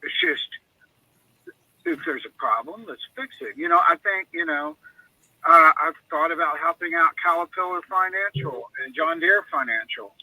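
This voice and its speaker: A man's voice: a little high, lively intonation, moderate pace, bright, forceful tone, no room sound, poor audio. A man on a radio chat, telling long rambling stories and acting out what people said to him. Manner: rambling storyteller who acts out quoted dialogue. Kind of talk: casual call-in chat.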